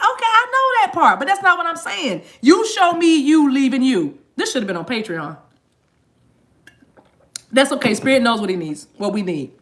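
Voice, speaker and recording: Brief: woman, higher-pitched, spiritual reader talking to her viewers, animated and repetitive. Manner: animated, repetitive, addresses audience as y'all. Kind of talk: live channeled reading to viewers.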